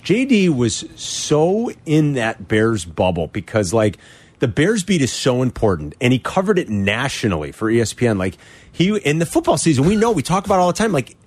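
Animated man hosting sports radio. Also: normal speed, slightly rough. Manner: animated storyteller who jumps to a high voice for quoted lines. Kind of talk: casual chat, sharing memories.

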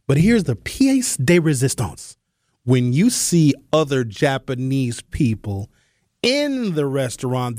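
A man hosting a radio show, telling a comic story in an animated, slangy way with emphatic asides to his listeners. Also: mid-range voice, dry recording, clean studio sound. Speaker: radio host.

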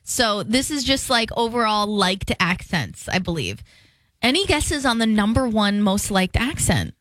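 A woman's voice: mid-range voice, unhurried, dry recording. A young woman hosting a radio show, chatting casually and acting out quotes as she tells stories, in a studio. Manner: animated storyteller, acts out quotes. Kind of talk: casual on-air banter.

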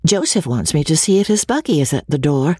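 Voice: medium pitch, sing-song, a little fast, mellow, husky, dry recording, clean studio sound, pitched above the performer's own voice. A reader voicing a cheerful young girl just home from school.

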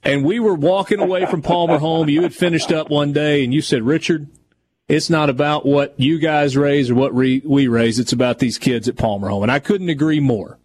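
A man's voice: on the high side, moderate pace, darkish tone. A male radio host speaking earnestly and sincerely in casual on-air talk.

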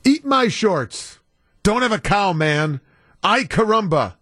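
A man's voice: high voice, very animated, takes it slowly, sharp tone, dry recording, clean studio sound, voice pushed up, exaggerated voice. A man reading out the catchphrases of a brash, cocky cartoon schoolboy in a lightly raised voice.

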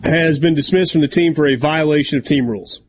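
A man's voice: on the high side, fairly quick, slight background noise. A man hosting a sports talk radio show, chatting casually and reading sponsor copy. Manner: talkative, leads the segments.

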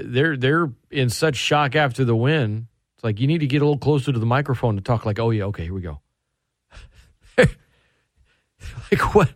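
A man hosting sports talk radio, excitable and animated, often restarting his sentences. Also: mid-range voice, dry recording, studio quality.

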